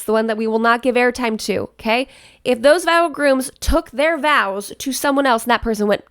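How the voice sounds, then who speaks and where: A woman's voice: fairly high pitch, moderate pace, fairly bright tone, clean tone. A woman wedding planner giving advice in a casual vlog, chatty and direct, often checking in with "okay?".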